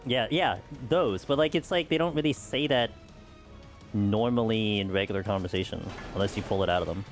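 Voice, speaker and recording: A game-streaming man from the United States has a fairly low pitch and talks a little fast, with faint music behind. He chats with viewers casually, rambling and dropping "like" and "you know" throughout.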